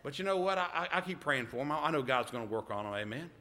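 A man's voice: medium pitch, animated, fast, bright, forceful tone. A middle-aged man preaching a sermon, often stopping to ask "amen?" of the congregation. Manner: emphatic call-and-response, repeated "amen?".

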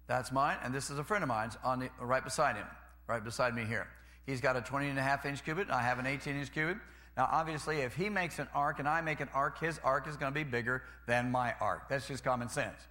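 A man's voice: on the high side, bright, forceful tone. A man preaching a sermon in a folksy way, repeating phrases and calling for amens.

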